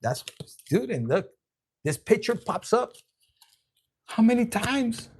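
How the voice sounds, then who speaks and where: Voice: medium pitch, sing-song, slow pace, a little mellow, breathy edge. A tarot reader giving a casual, profane online reading in a brash, slangy style, swearing freely.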